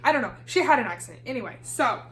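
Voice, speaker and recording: A young woman from Kansas telling a storytime vlog in a lively, casual way, swearing freely and acting out the dialogue. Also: fairly high pitch, fast talker. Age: young adult. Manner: animated, swears freely, acts out quoted dialogue. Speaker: YouTuber.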